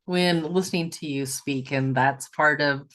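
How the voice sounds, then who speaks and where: A woman's voice: sits low, steady tone, measured pace, a bit bright. A woman hosting a podcast interview, asking questions in an earnest, appreciative way. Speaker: podcast host.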